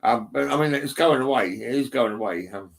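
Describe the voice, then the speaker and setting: Gravelly and a bit quick, this middle-aged vlogger's medium-pitched voice addresses his phone from a settee indoors at home. He rambles casually with many fillers, false starts and heavy swearing.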